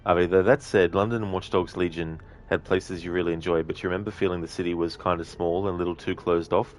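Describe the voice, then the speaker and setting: A man's voice: low voice, steady tone, fast, faint music behind. A man streaming a video game, chatting casually and reading out his chat's messages. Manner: chatty, reads out chat messages, laughs often. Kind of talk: casual gameplay commentary.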